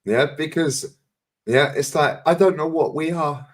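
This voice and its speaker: A man's voice: a little high, unhurried. Blunt, swearing London man. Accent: London English. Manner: blunt, swearing, storytelling with acted quotes. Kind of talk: casual chat.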